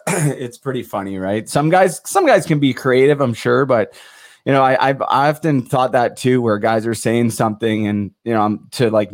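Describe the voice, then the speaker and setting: Male host, relaxed and rambling, dry close mic. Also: mid-range voice, no echo. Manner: easygoing, rambling with fillers. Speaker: podcast host. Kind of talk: casual interview chat.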